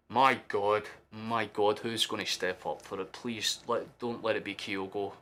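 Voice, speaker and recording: A young man with a lowish voice commentates a football match live for his stream, reacting as a fan. He's sweary and excitable, breaking out into shouts.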